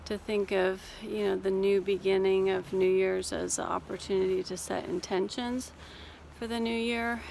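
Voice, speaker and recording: A woman coach talking casually while walking outdoors up a hill, gentle and reassuring, a little out of breath. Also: mid-range voice, level tone, normal speed, creaky, slight background noise. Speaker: life coach and therapist. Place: outdoors on a cold hill walk.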